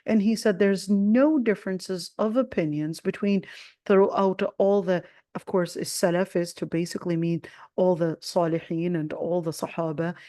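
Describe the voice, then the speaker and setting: A woman's voice: fairly low pitch, moderate pace, no room sound. American woman teaching in a dry, close recording. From Jordan. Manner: conversational, many "of course" fillers; animated when retelling the story. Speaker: Quran teacher. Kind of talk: religious lesson with a personal story.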